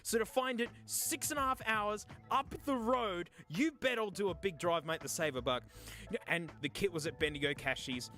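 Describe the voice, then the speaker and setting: A young South Australian man vlogging casually, joking and breaking into shouts as he browses a second-hand shop. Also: normal speed, soft background music. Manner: animated, jokey, bursts into high shouting. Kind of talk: casual comedic thrift-shop vlog.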